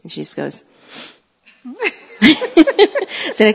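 A middle-aged mother telling a parenting story in a chatty way, laughing often, with a husky voice. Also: medium pitch, wildly swooping pitch, slow pace, pauses often, long reverb tail, lo-fi sound. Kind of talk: casual storytelling talk.

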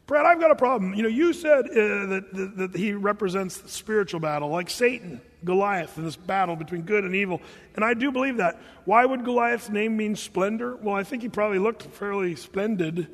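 High-voiced animated preacher in a hall. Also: male voice, moderate pace. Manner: animated, repeats words, acts out quotes. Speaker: pastor. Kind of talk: sermon.

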